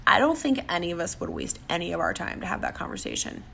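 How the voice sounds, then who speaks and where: Creaky-voiced woman giving a motivational talk. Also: lowish voice, huge pitch swings, fast talker, a bit bright, slight background noise. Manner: emphatic, acts out quoted voices. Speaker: motivational speaker.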